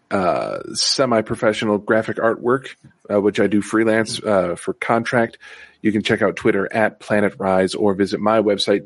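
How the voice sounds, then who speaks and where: A podcast host, a man, closing the show in a relaxed way with many filler words. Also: lowish voice, dry recording. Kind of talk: casual podcast sign-off.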